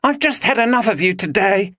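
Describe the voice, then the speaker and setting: A man reading an audiobook, voicing a young woman who shouts in a bitter row. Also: animated, brisk, no echo, studio quality. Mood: furious. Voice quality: shrill, shouting.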